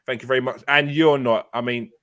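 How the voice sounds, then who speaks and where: A man hosting a live fan show, chatty, excitable and teasing as he greets guests and reads comments. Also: mid-range voice, brisk. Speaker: host. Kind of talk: casual live show chat.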